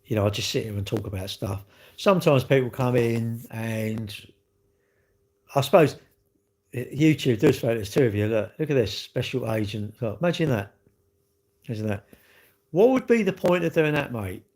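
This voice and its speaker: A man's voice: medium pitch, animated, normal speed, long pauses, darkish tone. A man on a live stream, answering chat comments bluntly in a rambling way, full of restarts and rhetorical questions.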